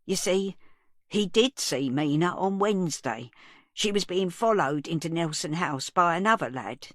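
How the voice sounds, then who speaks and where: A woman's voice: lowish voice, lively intonation, measured pace, fairly bright tone, no echo, clean studio sound. A woman voicing a guileless, kindly older woman who chats homely and mild. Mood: anxious.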